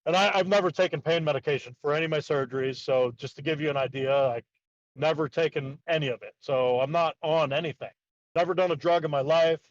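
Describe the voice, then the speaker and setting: A man's voice: a little high, quick pace, dry recording, muffled recording. A man telling a long story in casual talk, rambling with lots of "like" and acting out what others said. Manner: rambling, heavy use of "like", acts out quotes. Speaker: guest, BMX park builder.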